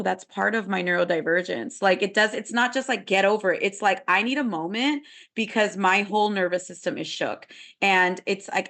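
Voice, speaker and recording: A woman's voice: medium pitch, a bit bright. A woman guest on a podcast, talking earnestly and reflectively in a casual way, with frequent "like" fillers.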